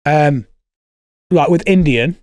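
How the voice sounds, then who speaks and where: A man's voice: on the high side, slow pace, a little mellow, dry recording, clean studio sound. A man co-hosting a comedy podcast, joking and laughing often in casual banter. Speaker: podcast co-host.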